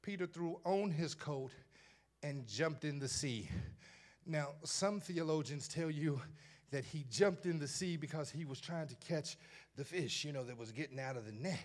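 A man's voice: fairly high pitch, normal speed. A man preaching a sermon, emphatic and repetitive, swelling into a sing-song cadence.

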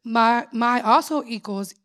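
A woman's voice: a little high, a little slow, a bit bright. A woman preaching a sermon in an earnest, prayerful way, mixing scripture with personal testimony. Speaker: lay preacher.

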